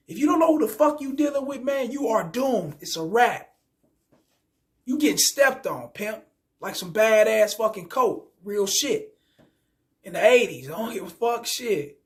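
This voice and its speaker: A young man rants to his viewers in a high voice. His talk is loose and streetwise, heavy with profanity and full of stumbling restarts. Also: a bit bright. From Kansas City, Missouri. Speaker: vlogger. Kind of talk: casual storytelling rant.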